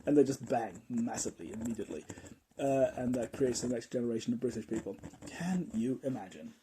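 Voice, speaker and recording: A man with a mellow, warm voice chats through a podcast topic in a playful, joking way. His pitch sits in an ordinary middle range, and he keeps the tone light and animated, with faint noise in the background. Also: fast. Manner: playful, animated, jokey storytelling. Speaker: podcast host. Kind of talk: casual explanatory podcast talk.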